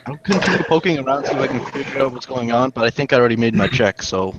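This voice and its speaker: A man's voice: mid-range voice, fast, muffled recording, background noise. A man playing a tabletop game, speaking in a hesitant, dry way. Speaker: player. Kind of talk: casual tabletop play.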